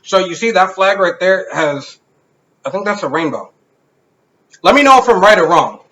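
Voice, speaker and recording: High-voiced man telling a profane story. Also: expressive, normal speed, sharp tone. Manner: profane storyteller, swears freely. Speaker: podcast co-host. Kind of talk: casual chat. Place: home garage. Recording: echoey garage, dull lo-fi sound.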